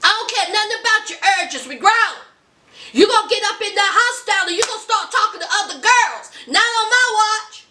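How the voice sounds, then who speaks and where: Brief: woman voicing a sassy, bossy woman, high and bright, echoey room. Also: lively intonation, fairly quick, a little hiss or hum, full character voice. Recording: echoey room, mic at a distance.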